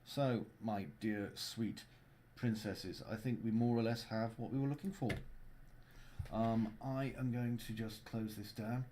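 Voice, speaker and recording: A man hosting a casual livestream tutorial as a game developer. He walks through his software in a playful, jokey way. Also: medium pitch, steady tone, unhurried, a little hiss or hum.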